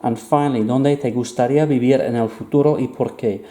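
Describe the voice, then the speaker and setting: A man teaching an online lesson, explaining patiently and slowing down to repeat words clearly. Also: medium pitch, fairly even intonation, warm tone, reverberant. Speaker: Spanish teacher.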